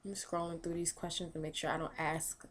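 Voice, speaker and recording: A young woman answering viewer questions in a casual, rambling vlog. She thinks out loud and fills her pauses with ums. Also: deep voice, flat delivery, slight background noise. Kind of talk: casual chat.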